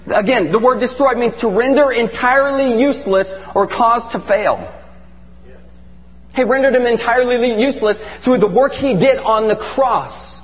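High-voiced man preaching in an echoing hall. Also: moderate pace. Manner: animated, emphatic storytelling. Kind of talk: sermon. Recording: dull lo-fi recording in a reverberant hall with faint hum.

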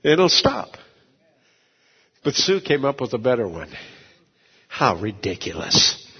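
A man preaching a sermon as pastor, telling folksy stories, repeating words and swinging from low asides to shouted peaks. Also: big pitch swings, measured pace, slightly rough, long reverb tail, lo-fi sound.

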